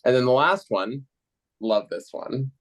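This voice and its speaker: Teasing trivia-sharing podcast co-host, lively intonation, casual call. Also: mid-range voice, a little slow. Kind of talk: casual chat. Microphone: remote call.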